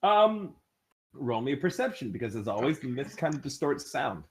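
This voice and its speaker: A man's voice: medium pitch, big pitch swings, normal speed, a little hiss or hum. A young man running a tabletop role-playing game as game master, laughing often and voicing characters as he narrates.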